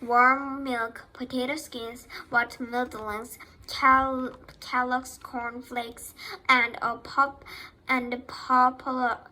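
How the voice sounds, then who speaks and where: A woman's voice: sits high, level tone, pushed and bright, low-quality recording. Woman reading a storybook aloud. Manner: reads slowly with slips and self-corrections. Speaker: reader. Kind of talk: reading a children's novel aloud.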